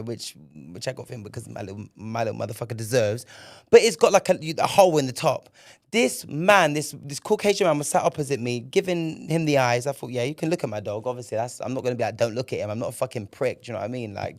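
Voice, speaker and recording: A young man hosting a solo podcast, telling a story in an animated, profane way. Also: mid-range voice. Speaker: podcast host.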